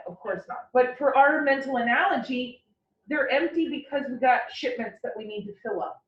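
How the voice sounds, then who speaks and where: A woman anatomy instructor giving a classroom lecture, explaining with playful, animated analogies. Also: fairly high pitch. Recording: roomy, distant, dull lecture recording.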